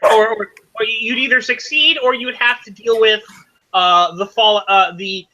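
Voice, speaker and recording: High, bright-voiced game master. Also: male voice, steady tone, dull audio. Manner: halting, many fillers and self-corrections. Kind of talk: narrating a tabletop game.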